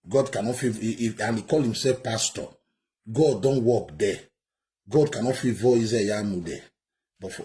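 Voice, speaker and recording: A man's voice: on the low side, a little mellow. A Nigerian man giving heated, indignant commentary, ranting and repeating himself.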